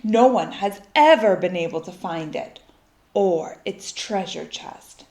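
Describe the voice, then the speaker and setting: A woman voicing a kind, brisk female librarian who talks in a helpful way. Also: medium pitch, animated, a little mellow, reverberant.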